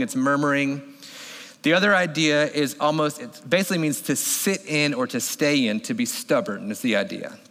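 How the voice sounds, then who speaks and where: A man in his thirties preaching a sermon as a pastor, telling the story with animated delivery and acting out voices. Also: mid-range voice. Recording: long hall reverb.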